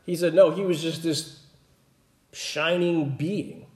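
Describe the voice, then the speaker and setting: A man with a mellow, slightly higher voice teaches scripture in an easygoing, conversational way. He keeps checking in with his listeners as he explains. The room around him is roomy and echoey. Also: slow. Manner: relaxed, explanatory, often checks in with "right?". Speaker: Bible teacher.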